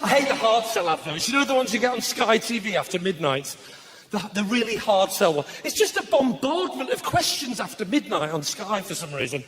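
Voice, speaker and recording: A man doing stand-up comedy, ranting and slipping into shouted voices for his bits. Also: high voice, big pitch swings, a little fast. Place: live comedy venue with audience laughter. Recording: noisy live stage recording.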